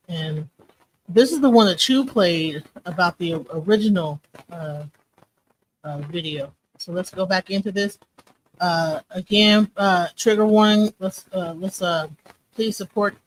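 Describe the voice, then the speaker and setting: A woman's voice: on the low side, measured pace, a little hiss or hum, rough recording. A woman co-hosting a live commentary stream, talking casually and rambling, often checking in with "you know what I'm saying.".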